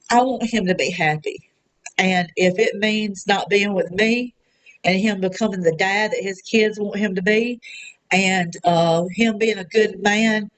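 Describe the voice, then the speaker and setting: A heartbroken woman, speaking alone at home in a raw confessional vlog, halting with many fillers and pauses, close to tears. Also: mid-range voice, rough recording. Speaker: vlogger. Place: her apartment.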